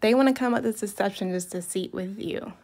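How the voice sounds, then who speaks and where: A woman giving a casual, chatty tarot reading, emphatic and animated as she talks through the cards. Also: medium pitch, brisk. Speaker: tarot reader.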